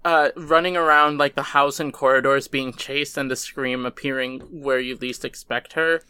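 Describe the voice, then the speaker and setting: A man on a casual podcast who chimes in with quick agreements and added details. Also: medium pitch, steady tone, bright, forceful tone, clear, resonant tone, no room sound. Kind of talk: casual chat.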